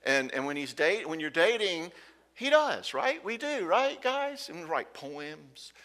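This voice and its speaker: A man speaks to a room of couples in a folksy, joking way and acts out spouses' lines as he goes. His voice is bright and forceful. It rings out with the long reverb of a church hall. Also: a little high, big pitch swings, a little slow. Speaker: conference speaker. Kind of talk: conference talk to couples.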